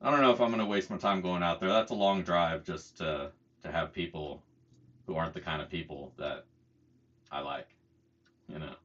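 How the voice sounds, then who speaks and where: A man's voice: low-pitched, fairly even intonation, normal speed, pauses often, a bit bright. A middle-aged man telling a story as a heated casual rant, swearing freely and mocking other people's words. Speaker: channel host. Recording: dull lo-fi sound.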